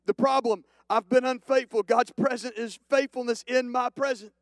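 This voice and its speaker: A male pastor preaching a sermon, moving from hushed, slow passages to loud, emphatic declarations. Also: extremely high pitch, steady tone, no echo. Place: church.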